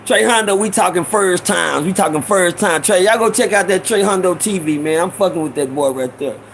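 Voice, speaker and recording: Gravelly high-voiced man telling stories. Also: brisk, slight background noise, poor audio. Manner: slangy, repetitive asides, shout-outs. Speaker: host. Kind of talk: casual storytelling stream.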